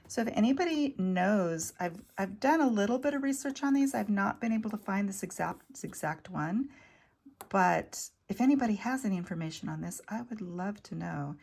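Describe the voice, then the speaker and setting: A woman talking casually in a vlog, showing off vintage jewelry finds with enthusiasm and sometimes dropping to a soft near-whisper. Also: mid-range voice, expressive, moderate pace, gravelly. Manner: chatty, enthusiastic, drops to soft near-whispers over delicate pieces. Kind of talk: casual show-and-tell vlog.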